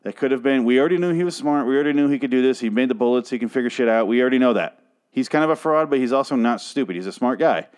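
A man's voice: mid-range voice, racing, a little mellow, clear, resonant tone. A man hosting a solo podcast, ranting about a TV episode in a profane, exasperated and sarcastic way. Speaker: podcast host reviewing a TV show.

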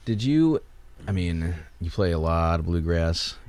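A man hosting a laid-back interview who jokes and stumbles through long questions. His voice is very deep. The recording is dry and close. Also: expressive, measured pace, a little mellow, no room sound. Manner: easygoing, jokey, stumbling questions. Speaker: podcast host. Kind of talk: casual interview chat.

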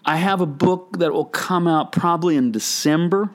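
With a fairly high pitch at normal speed, this older pastor and author chats reflectively on a podcast. His storytelling rambles, full of frequent restarts, in a casual tone.

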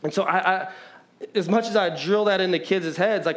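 A man preaching to his congregation with a loose, conversational delivery. He pokes fun at himself and jumps into emphatic bursts. His voice sits slightly higher than most men's. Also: moderate pace. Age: adult, married with children. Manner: conversational, self-mocking, lively preaching. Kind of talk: sermon.

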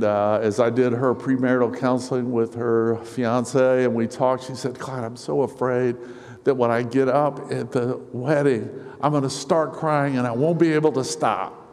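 A middle-aged male pastor preaching a sermon to his congregation, earnest and personal, with soft storytelling asides. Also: mid-range voice. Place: church sanctuary. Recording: reverberant hall.

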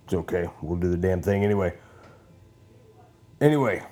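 A man's voice: sits low, expressive, moderate pace, dark tone. A man hosting a podcast, rambling casually in a profane, joking, self-mocking way at home. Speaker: podcast host.

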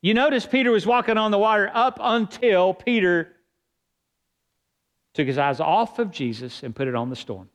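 A man's voice: sits high, expressive, normal speed, fairly bright tone. A man preaching a sermon as pastor, reading scripture aloud and building emphasis.

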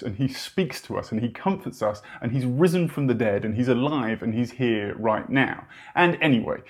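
A man's voice: mid-range voice, darkish tone. A man preaching a sermon in an earnest, conversational way, with wry asides.

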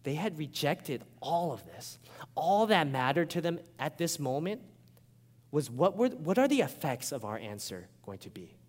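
A man preaching a sermon as a pastor, animated and conversational, often checking in with his listeners. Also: a little high, moderate pace, in a large hall.

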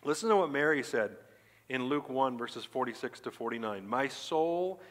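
A man preaching a sermon from the pulpit, his voice at an ordinary middle pitch. He moves between measured teaching and lively, emphatic bursts. The sound rings with the long reverb of a church hall. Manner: emphatic preaching with sudden animated jumps. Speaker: pastor. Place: church sanctuary.

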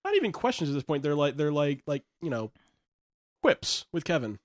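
A man's voice: a little high, sing-song, moderate pace, no echo. A man visiting a podcast as a guest, talking in casual chat with dry, wry teasing.

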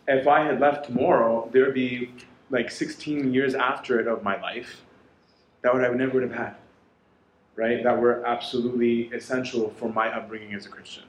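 A man in his thirties giving a lecture, telling a story in lively, animated way and quoting others in dialogue. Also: medium pitch, roomy sound, slight background noise, poor audio.

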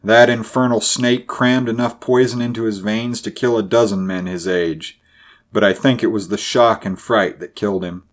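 A man's voice: fairly low pitch, steady tone, normal speed, natural voice. A man doing a curt, grim man. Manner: curt, snappish. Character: grim, blunt male man of action.

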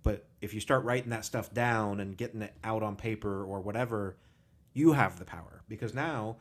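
A man with a lowish voice speaking at a moderate pace hosts a podcast. In candid, conversational talk, he opens up casually about personal struggles and swears freely.

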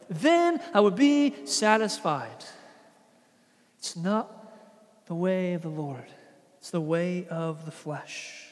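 A man preaches in an earnest, conversational way, slipping into short acted-out quotes. His voice sits very high for a man. A long hall reverb trails his words. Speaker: pastor. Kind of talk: sermon.

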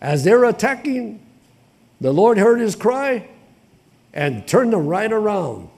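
Gravelly high-voiced impassioned male preacher. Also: sing-song, slow. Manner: impassioned, builds to shouting; conversational with slang and repetition. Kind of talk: sermon.

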